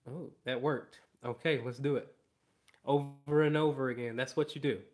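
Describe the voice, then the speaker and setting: A man's voice: mid-range voice, fairly even intonation, moderate pace. A man working as a dog trainer, explaining training in an emphatic way and repeating key phrases. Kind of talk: instructional explanation.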